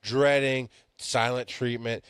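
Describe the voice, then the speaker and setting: A man teaching as a paramedic instructor, telling stories bluntly and swinging between loud emphasis and quiet asides. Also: mid-range voice, level tone, slow pace, smooth, no room sound. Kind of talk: storytelling lecture.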